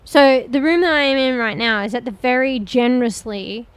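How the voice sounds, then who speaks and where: A woman with a fairly high voice talking her way through a game for her stream. She rambles and thinks out loud as she explores, talks straight to her viewers, and drops casual swears along the way. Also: moderate pace, smooth, no room sound, poor audio. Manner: chatty, addresses viewers directly. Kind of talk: casual gameplay commentary.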